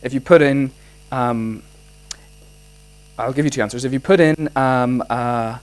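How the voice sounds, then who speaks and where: A man with a Northern Irish accent giving a physics lecture and answering student questions, animated, restarting his sentences often with many fillers. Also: medium pitch, measured pace, clear, resonant tone, low-quality recording. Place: lecture hall.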